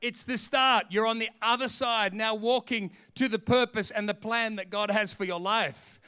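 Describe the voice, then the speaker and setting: A man's voice: sits high, fairly even intonation, normal speed, bright, forceful tone, clean tone. A middle-aged Australian man preaching a sermon as pastor, emphatic and fervent.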